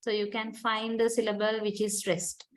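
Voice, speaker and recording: A woman's voice: medium pitch, monotone, normal speed. A woman who is not a native English speaker, lecturing on English linguistics, explaining patiently step by step and repeating words to model them. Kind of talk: recorded university lecture.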